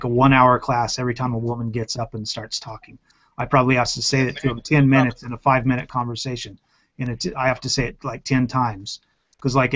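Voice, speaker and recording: A man's voice: medium pitch, fairly bright tone, dull audio. A man who teaches, chatting bluntly and profanely in a casual round-table discussion and acting out exasperated quotes. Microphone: online video call.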